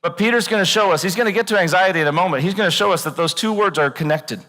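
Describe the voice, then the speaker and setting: A man preaching a sermon in a church, animated and joking, acting out worried voices. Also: high-pitched, racing, long reverb tail. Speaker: pastor. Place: church auditorium.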